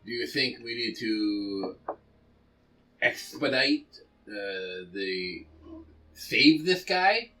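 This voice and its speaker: A man at a tabletop game who speaks slowly with a lively, varied pitch and a bright tone. He asks questions and reasons things through aloud. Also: faint music behind, rough recording. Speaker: player. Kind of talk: casual tabletop game chat.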